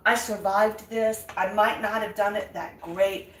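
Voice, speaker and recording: A woman's voice: medium pitch, fairly even intonation, a little slow, hardly any pauses, a bit bright, recorded from a distance. An older woman hosting a live vlog, chatting and encouraging viewers as she cooks in her home kitchen. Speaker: vlog host. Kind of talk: live chat while cooking. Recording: echoey room, away from mic.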